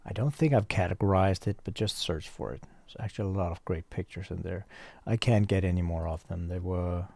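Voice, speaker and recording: A man's voice: deep voice, a little fast, vocal fry, warm tone, no echo. A man who runs a shop, chatting casually on a livestream, rambling and thinking aloud while reading the chat. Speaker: store owner livestreaming.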